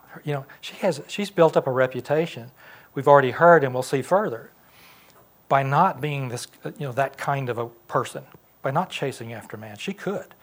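A man's voice: mid-range voice, husky. Conversational man teaching a Bible class. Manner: conversational, asks the class questions. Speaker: Sunday school teacher. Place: church classroom.

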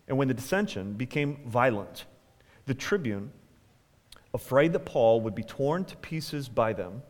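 Man reading scripture in a reverberant hall. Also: mid-range voice. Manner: earnest public reading with emphatic rises. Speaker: pastor.

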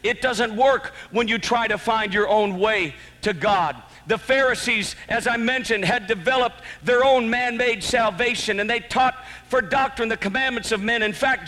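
A man preaching a sermon as pastor, impassioned, swinging between shouted exclamations and hushed, earnest passages. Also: very high-pitched. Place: church sanctuary. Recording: long church hall reverb.

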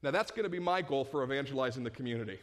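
A pastor preaching a sermon, full of rhetorical questions and swinging between loud bursts and hushed tones. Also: male voice, mid-range voice, expressive, very fast, a little hiss or hum.

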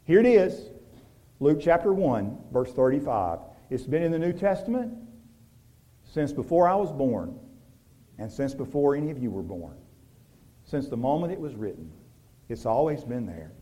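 A man preaching a sermon, moving from loud emphatic lines to soft, hushed ones, with rhetorical questions and repetition. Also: mid-range voice, sing-song, normal speed, pauses often. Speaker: pastor.

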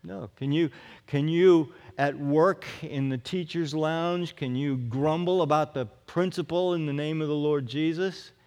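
A man's voice: on the high side, measured pace, a little mellow. A male pastor preaching a sermon in an earnest, emphatic way, often repeating his phrases. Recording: long reverb of a large hall.

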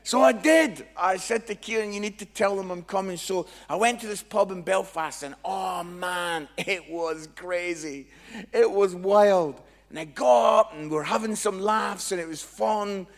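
A Scottish man, a Christian comedian, telling a humorous testimony in an animated, jokey storytelling way. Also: sits high, unhurried, long reverb tail. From Scotland.

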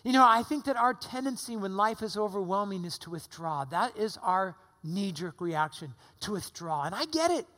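A man's voice: high voice, very animated, normal speed, hardly any pauses, bright, forceful tone. A middle-aged man preaching a sermon in a church, conversational, with rhetorical questions, while recovering from pneumonia. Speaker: pastor. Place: church sanctuary. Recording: long hall reverb.

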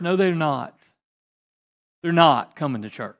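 A man preaching a sermon as pastor, swinging between emphatic rising bursts and quiet asides. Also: fairly high pitch, lively intonation, unhurried. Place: church sanctuary.

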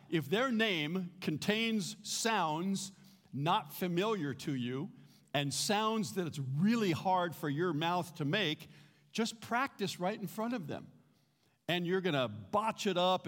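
A man's voice: high voice, fairly bright tone, long reverb tail. A middle-aged man from the United States giving a practical church teaching, plain-spoken and prone to repeating words as he restarts. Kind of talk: sermon-style teaching.

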